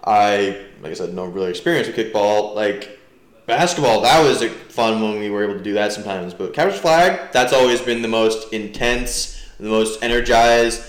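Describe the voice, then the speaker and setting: A man's voice: fairly low pitch, normal speed. A young man from New Jersey, a podcast guest chatting casually and rambling with lots of fillers. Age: young adult. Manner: rambling, heavy "like" fillers, animated. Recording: roomy echo.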